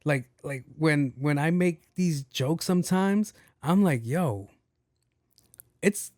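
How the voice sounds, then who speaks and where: A man hosting his own podcast, telling a comic story in a profane, animated rant and acting out what other people said. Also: a little high, measured pace, no room sound, clean studio sound. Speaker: podcast host. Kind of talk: solo comedic storytelling rant.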